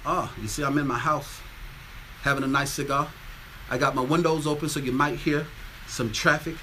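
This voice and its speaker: Speaking at normal speed with a mid-range voice and fairly even intonation, a man from Atlanta, Georgia, hosts a casual livestream on his phone at home, windows open. He greets viewers by name and repeats his catchphrases over slight background noise.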